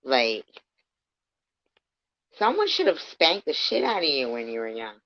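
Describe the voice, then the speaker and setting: A woman with a low voice rants angrily on a livestream, her delivery swinging widely between muttering and shouting. She swears constantly and talks heatedly to someone she despises. The stream audio is dull and lo-fi. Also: huge pitch swings, measured pace. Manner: profane, heated, swings from muttering to loud outbursts. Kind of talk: angry ranting livestream commentary.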